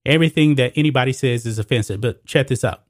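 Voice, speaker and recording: A man's voice: medium pitch, fast, no echo. Man chatting to viewers, dry close sound. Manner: talks straight to viewers, repeats "guys" and "folks". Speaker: sports commentary channel host. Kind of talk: casual opinion commentary to camera.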